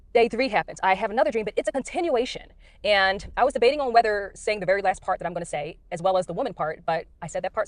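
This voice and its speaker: Fast-talking earnest woman in a car. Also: medium pitch, no echo. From United States. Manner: earnest, rambling, many fillers. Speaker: Christian speaker sharing dreams. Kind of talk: casual testimony.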